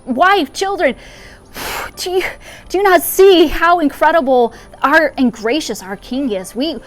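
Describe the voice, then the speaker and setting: A woman's voice: high-pitched, a little slow, soft background music, voice pushed up. A woman voicing a desperate male debtor who stammers and pleads with a king, told in a sermon parable. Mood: amazed.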